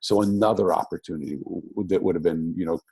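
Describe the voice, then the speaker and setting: A man's voice: sits low, fairly even intonation, quick pace, vocal fry, mellow, husky, no echo. An older man, a rabbi, telling his life story in an interview, reflective and rambling with many restarts. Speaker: guest, rabbi.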